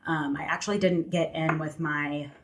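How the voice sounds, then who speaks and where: A woman's voice: sits low, fairly even intonation, normal speed, slight background noise. A young adult woman, a podcast guest, telling a personal story candidly in conversation, filling her speech with "like" and "you know.".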